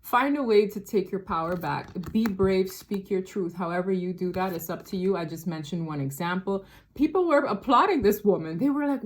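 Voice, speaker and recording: A woman's voice: medium pitch, expressive, moderate pace, hardly any pauses. A woman giving a casual tarot reading straight to her viewers, chatty and rambling, often laughing and restarting her sentences. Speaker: tarot reader.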